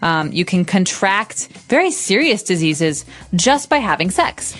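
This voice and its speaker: Low-voiced woman explaining words. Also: very animated, unhurried, soft background music. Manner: explains words with example sentences. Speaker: podcast co-host. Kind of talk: English lesson chat.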